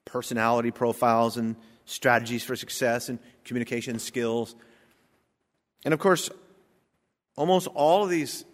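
A man preaching a sermon as pastor, emphatic, building to loud stressed peaks. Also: medium pitch. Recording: long hall reverb.

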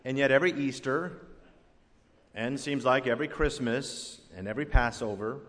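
A male pastor preaching a sermon, punching some words and letting others drop to a hush. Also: mid-range voice, big-room sound. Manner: emphatic preaching that swings between loud punches and hushed, drawn-out words.

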